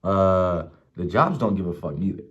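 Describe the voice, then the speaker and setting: Deep-voiced young man ranting, lo-fi. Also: moderate pace. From Mansfield, Ohio. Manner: profane, animated, acts out quoted people. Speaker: vlogger. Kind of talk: casual storytelling rant. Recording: dull lo-fi recording.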